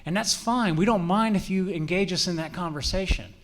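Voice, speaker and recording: Middle-aged male officer, fairly high voice, earnest and direct; lecturing on safety, keeps checking in with the room. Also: a little fast. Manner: earnest, direct, often checks in with "all right?". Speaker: campus police officer and trainer.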